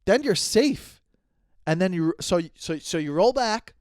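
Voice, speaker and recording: Animated man in his thirties ranting. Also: sits high, unhurried, dry recording, studio quality. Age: 30s. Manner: animated, exasperated, repeats and restarts himself. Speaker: podcast host. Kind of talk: solo comedic podcast rant.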